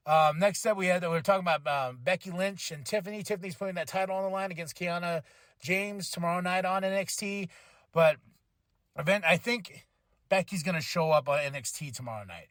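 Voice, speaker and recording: A man's voice: high-pitched, a little fast, a bit bright, dry recording, clean studio sound. A tired man hosting a podcast, giving a casual, rambling recap and laughing often as he paraphrases what people said. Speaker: podcast host.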